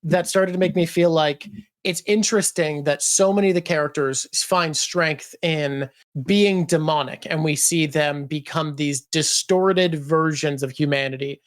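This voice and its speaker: A woman hosting a casual discussion, talking in a thoughtful, analytical way. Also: sits low. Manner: thoughtful, analytical, breaks into playful voices. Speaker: host. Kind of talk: casual chat, comics discussion.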